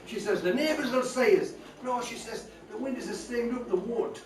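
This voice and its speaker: A man's voice: very high voice, moderate pace. Older man singing music hall songs. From North East England. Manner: sings comic choruses, rattles through a dialect joke. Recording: echoey room from far off.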